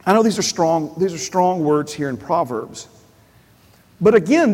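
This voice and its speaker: A man's voice: a little high, expressive, measured pace, a little mellow, big-room sound, low-quality recording. A male pastor preaching a sermon, repeating phrases and asking the congregation questions. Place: church.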